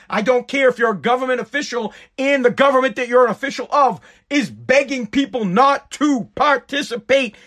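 Very high-voiced man ranting bluntly. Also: fairly bright tone. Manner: angry, blunt and sarcastic. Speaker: commentator. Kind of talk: profane ranting commentary.

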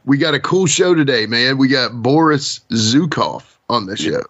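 Husky, laid-back podcast co-host man. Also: mid-range voice, animated, normal speed, fairly bright tone, dry recording, dull audio. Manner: loose, rambling, laughs often. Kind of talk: casual chat.

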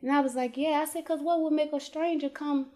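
A woman casually telling her faith testimony in an interview, animated and emphatic, acting out conversations in colloquial speech. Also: high-pitched, a little fast. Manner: animated storyteller who acts out dialogue with God and her kids; colloquial, emphatic, rising to exclamations.

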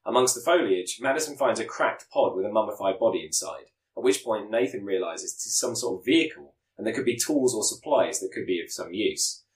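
A man reading out a scripted plot pitch as a podcast co-host, sometimes stumbling and correcting himself. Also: animated, a little fast, few pauses, echoey room, poor audio. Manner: reads with stumbles and self-corrections.

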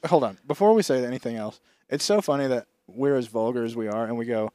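A man's voice: mid-range voice, fast talker, mellow, dry recording. A young man co-hosting a podcast, joking and giggling through casual banter. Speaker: podcast co-host. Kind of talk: casual chat.

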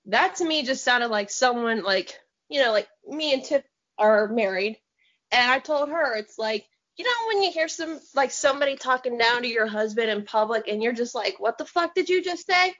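A woman co-hosting a podcast, talking in a blunt, profane and animated way in casual chat. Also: a little high, normal speed, dull audio. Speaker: podcast co-host.

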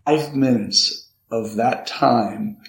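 Older man, gravelly, roomy echo. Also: mid-range voice. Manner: halting and reflective, often repeating words. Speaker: guest. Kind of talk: conversational interview.

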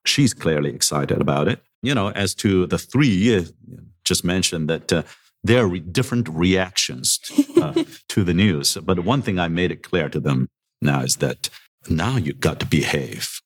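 A middle-aged man with an extremely low, deep voice speaks as a university president in a podcast interview. He is good-humored and self-deprecating, slipping chuckles between his remarks, and talks into a podcast microphone. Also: expressive, normal speed.

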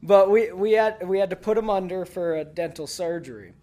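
High-pitched texas guy swearing his way thru a story, laughing a lot. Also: a little fast, warm tone. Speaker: podcast guest. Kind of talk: casual storytelling chat.

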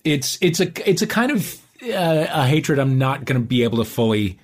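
A man talking casually who stops and restarts often, searching for words as he thinks aloud. His pitch is in a middle range for a man. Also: very animated. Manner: hesitant, halting, thoughtful. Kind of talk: casual chat.

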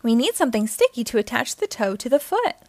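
A woman's voice: a little high, fast talker, no echo. Uniqua, a woman doing a bold cartoon girl agent. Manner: calm, take-charge. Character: brave, level-headed young female cartoon agent. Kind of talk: children's read-aloud.

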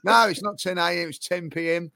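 A man's voice: sits high, a little fast, creaky, noisy background. A man co-hosting a football podcast, telling stories in casual chat with lots of stammering restarts. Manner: animated storytelling, stammering restarts. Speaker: podcast co-host.

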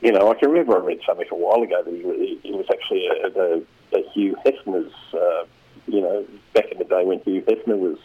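A man chatting casually as a regular radio commentator, talking in a rambling, halting way with many restarts. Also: low voice, slightly rough, phone-quality sound.

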